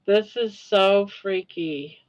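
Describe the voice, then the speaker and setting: Slow-spoken, awed older woman streamer. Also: medium pitch, muffled recording. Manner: awed and emotional, repeating herself. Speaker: livestream host. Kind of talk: casual livestream chat.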